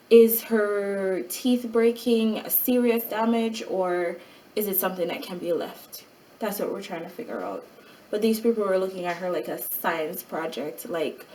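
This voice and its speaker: A mother in a casual vlog, retelling a hospital night in an animated way and acting out what other people said. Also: mid-range voice, recorded from a distance, slight background noise, low-quality recording. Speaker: mother of a child with a rare syndrome.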